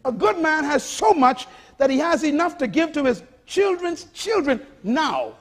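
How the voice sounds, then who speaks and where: A man's voice: extremely high pitch, very animated, unhurried. A man preaching a sermon in an emphatic, repetitive style, calling on the congregation to respond.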